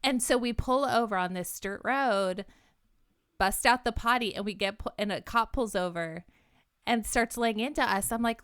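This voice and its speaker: A chatty woman in her thirties co-hosts a casual podcast and jumps in with quick asides. Her voice is bright and a little high. The sound is dry and close to the mic. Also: clear, resonant tone, dry recording. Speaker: podcast co-host. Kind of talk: casual chat.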